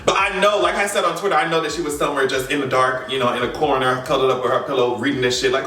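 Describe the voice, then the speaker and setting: A man hosting a casual celebrity gossip vlog, sassy and quick to burst out laughing. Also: medium pitch, fairly even intonation, pushed and bright, roomy sound, far from the mic. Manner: sassy, laughs often, exaggerated asides. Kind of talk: casual pop-culture commentary.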